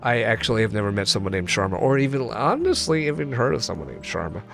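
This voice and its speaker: A man's voice: lowish voice, very animated, quick pace, creaky, a bit bright, soft background music. A man streaming a video game, chatting casually and rambling with many restarts. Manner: rambling, self-correcting, jokey. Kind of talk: casual gaming chat.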